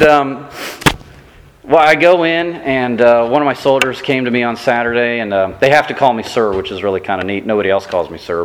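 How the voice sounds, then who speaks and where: A man preaching a sermon as pastor, telling self-deprecating stories in a lively, animated way. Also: medium pitch, big-room sound, a little hiss or hum.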